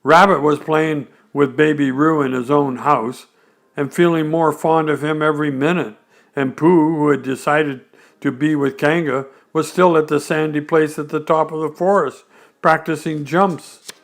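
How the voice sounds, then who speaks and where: A man reading a bedtime story aloud, unhurried and gentle. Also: a little high, fairly even intonation.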